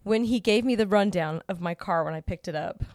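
Middle-aged woman co-host, chatty storyteller who acts out quotes, lowish voice, dry close mic. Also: brisk, darkish tone, dry recording. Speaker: podcast co-host. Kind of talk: casual storytelling chat.

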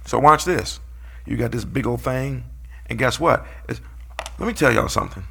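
Man, preacher, gravelly, bright forceful tone, playful sermon. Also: mid-range voice, lively intonation, normal speed. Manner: playful, calls out the congregation, acts out quotes.

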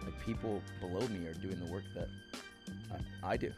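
A man co-hosts a podcast, chatting casually with lively energy and quick laughs. He retells stories with enthusiasm. His voice is fairly low and he talks fast. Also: music in the background. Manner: animated, laughing, imitating people in retold stories. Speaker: podcast co-host. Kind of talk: casual chat.

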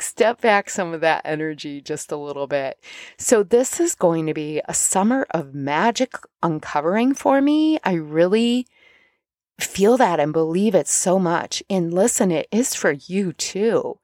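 A middle-aged woman coach talking casually about spiritual self-help, chatty and animated when she acts out her inner dialogue. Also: lowish voice, unhurried, dry recording, clean studio sound. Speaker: podcast host and coach.

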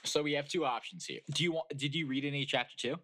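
A man's voice: on the high side, fast. A man co-hosting a podcast, reading fan fiction aloud and joking around. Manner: lively, jokey. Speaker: podcast co-host.

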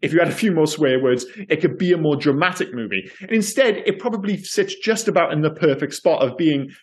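A man's voice: fairly high pitch, a little fast. A man co-hosting a casual film podcast, rambling and correcting himself as he talks. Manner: rambling, self-correcting, stumbles over words. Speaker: podcast co-host.

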